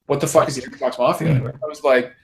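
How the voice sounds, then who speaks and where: A man hosting a gaming podcast, telling a story in an animated, profane, repetitive way. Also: mid-range voice, fairly quick, vocal fry, a little hiss or hum. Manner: animated storytelling, heavy swearing, repeats words. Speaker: podcast host. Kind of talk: casual chat.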